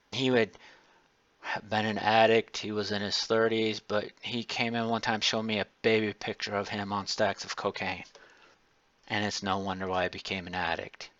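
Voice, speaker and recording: A man's voice: lowish voice, a bit bright, no room sound, highs cut off. A male college lecturer giving a casual, digressive class lecture full of personal stories.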